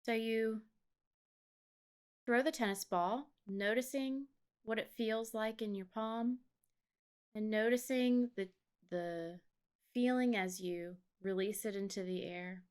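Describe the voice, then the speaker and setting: A woman co-hosting a podcast who chats casually and talks slowly and soothingly as she leads a guided meditation. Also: on the high side, darkish tone, clear, resonant tone. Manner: slow, measured, soothing delivery. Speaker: podcast co-host.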